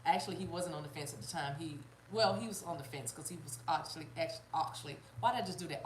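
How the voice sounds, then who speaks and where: A woman's voice: deep voice, quick pace, few pauses, echoey room, a little hiss or hum, poor audio. A woman giving a spiritual reading on a live stream, rambling, with many fillers and restarts, talking straight to her viewers. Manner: addresses viewers and chat directly, laughs often. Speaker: spiritual reader.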